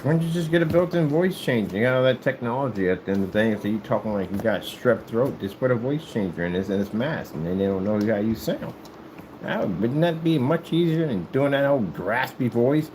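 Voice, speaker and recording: Man vlogger, casual ramble, mid-pitched voice with big swings up into falsetto, faint room hum. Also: fairly quick, rough recording. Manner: animated, jumps into high falsetto sing-song and joking voices. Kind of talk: casual rambling monologue while working.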